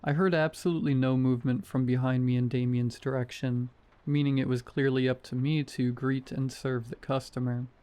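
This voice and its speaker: A man reading a scary story aloud in a calm, measured narration style. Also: mid-range voice, clear, resonant tone. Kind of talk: scripted narration.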